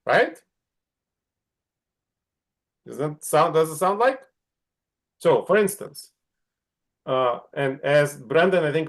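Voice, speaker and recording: A middle-aged man teaching an online class, asking the students questions and often checking in with "right?". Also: fairly high pitch. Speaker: instructor.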